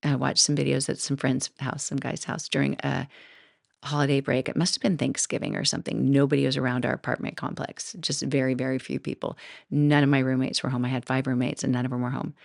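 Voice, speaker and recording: A woman's voice: very deep voice, level tone, brisk, gravelly, no echo, studio quality. A middle-aged woman hosting her own podcast, telling personal stories in a rambling, casual way with frequent laughs and asides. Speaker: podcast host. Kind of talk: casual solo podcast talk.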